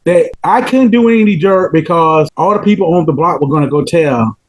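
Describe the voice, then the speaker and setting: High-voiced man with a Georgia accent. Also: moderate pace, rough recording. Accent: Southern US, Georgia. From Pelham, Georgia, US. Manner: animated, laughs often, repeats words when excited. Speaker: podcast guest. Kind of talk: casual storytelling interview.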